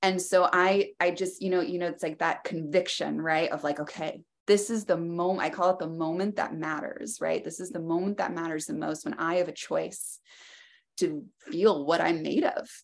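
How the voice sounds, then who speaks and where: A woman's voice: lowish voice, fairly even intonation, moderate pace, creaky. A woman guest in an interview, telling a personal story in a reflective way, with loose phrasing and many fillers.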